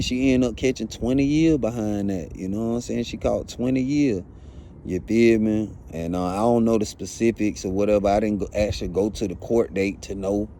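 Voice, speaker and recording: A man's voice: lowish voice, mellow, slight background noise. A man telling a first-hand story in blunt, profane, casual talk, often asking "you know what I'm saying". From Atlanta.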